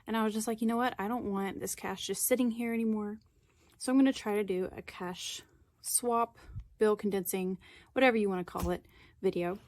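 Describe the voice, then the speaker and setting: A woman's voice: medium pitch, fairly even intonation, brisk, darkish tone, dry recording. A young woman chatting casually on her budgeting vlog while sitting on the floor at home, self-deprecating and counting bills aloud. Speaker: budgeting vlogger.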